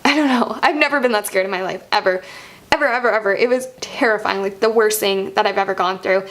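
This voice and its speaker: A woman's voice: mid-range voice, fast talker, fairly bright tone. A young woman telling a personal story as a vlogger in a casual, chatty way, filling her sentences with "like" and frequent laughs.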